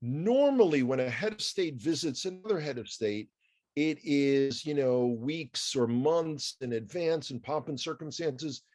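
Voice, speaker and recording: A man's voice: a little high, lively intonation, a little slow, a little mellow. A man with a New York accent giving a chatty news commentary, wry and full of asides and rhetorical questions.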